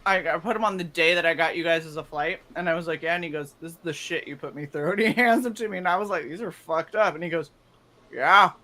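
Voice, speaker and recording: Telling stories on a laid-back stream she co-hosts, this young woman is animated, curses freely, and performs the quotes she recounts. She speaks quickly with hardly any pauses, in a fairly low voice with a fairly bright tone.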